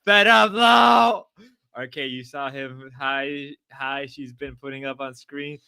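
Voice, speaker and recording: A young man hosting a livestream, loud, erratic and crude as he riffs at chat. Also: mid-range voice, monotone, measured pace, clear, resonant tone, dry recording. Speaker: livestream host. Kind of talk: casual stream chat.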